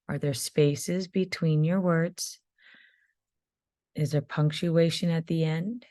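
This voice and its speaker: A woman's voice: on the low side, darkish tone, no room sound. A woman teaching a phonics spelling lesson to young children, patiently sounding out words letter by letter.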